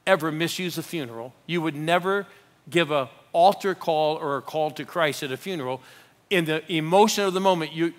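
An older man with a slightly high voice preaches a live sermon as a pastor. He is animated, rallying the congregation with call-outs.

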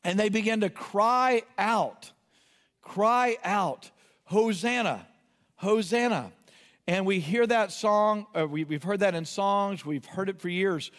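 A man preaching a sermon with passion, rising to shouted cries and then dropping to quiet asides. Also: high voice, slow, in a large hall. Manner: impassioned, builds to shouted cries, self-correcting asides. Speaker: pastor.

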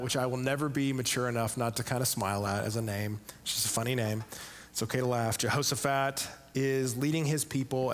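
A male pastor preaching a sermon in a church, in a casual, joking way. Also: mid-range voice. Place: church sanctuary. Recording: long reverb of a large room.

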